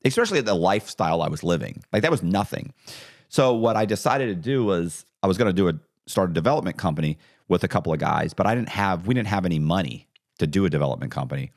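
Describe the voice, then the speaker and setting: A deep-voiced man, a podcast guest, tells his story in a casual storytelling interview. He talks fast and animatedly, acting out quoted dialogue, and the recording is studio quality with no echo.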